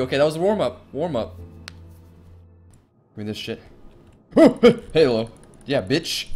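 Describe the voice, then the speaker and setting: Streamer, young man, animated swearing reactions, slow drawl. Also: on the high side, faint music behind. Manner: excitable, swearing, yelps when startled. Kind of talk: live gameplay commentary.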